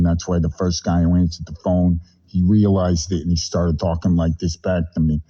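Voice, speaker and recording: A man making an angry, meandering complaint over the phone, masking his irritation with a put-on calm. His voice is low and mellow, and the recording sounds dull and lo-fi. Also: normal speed, hardly any pauses. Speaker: customer on a phone call. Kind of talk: confrontational phone call.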